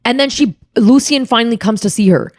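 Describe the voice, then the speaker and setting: A woman's voice: fairly high pitch, fairly quick, a little mellow, no echo, studio quality. A woman co-hosting a podcast, recapping a book in casual chat and acting out characters' lines in different voices. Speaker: podcast co-host.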